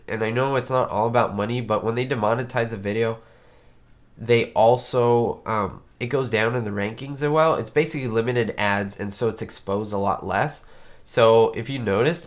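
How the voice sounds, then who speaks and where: A man hosting a live-stream chat, his voice nasal and congested from a cold, talking in a chatty, rambling way with many fillers. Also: mid-range voice. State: sick, congested. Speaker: YouTube host. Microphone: webcam setup.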